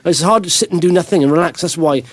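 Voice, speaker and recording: A man's voice: fairly high pitch, quick pace. A middle-aged man hosting a podcast, telling rambling anecdotes in casual chat and chuckling often. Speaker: podcast host.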